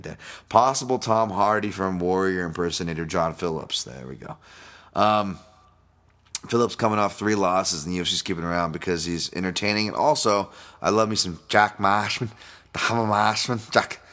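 Man, low voice, casual podcast host, rambling, profane. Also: a bit bright. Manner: rambling, profane, laughs at own jokes. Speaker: podcast host and fight analyst. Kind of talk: casual solo podcast breakdown.

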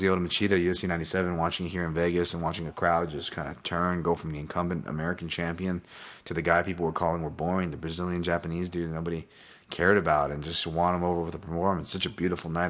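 A man's voice: sits low, fairly bright tone. A man hosting a solo podcast, rambling casually, swearing freely and restarting his sentences. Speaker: podcast host, fight analyst.

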